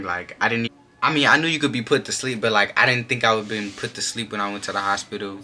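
A young man telling a personal story in a casual storytime vlog, animated and slangy, filling his speech with "like". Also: fairly low pitch, quick pace, faint music behind. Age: young adult. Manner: animated, slangy, many filler "like"s. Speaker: vlogger.

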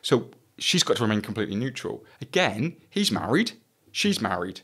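A man's voice: fairly low pitch, sing-song, moderate pace, a bit bright, breathy edge. A middle-aged man, a former police detective, telling a story on a podcast in a blunt way, swearing freely and acting out the dialogue.

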